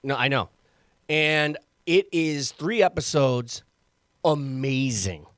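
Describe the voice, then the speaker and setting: Animated man chatting on a podcast. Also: medium pitch, slow pace, dry recording. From upstate New York. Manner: animated, swearing, joking. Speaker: podcast co-host. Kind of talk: casual chat.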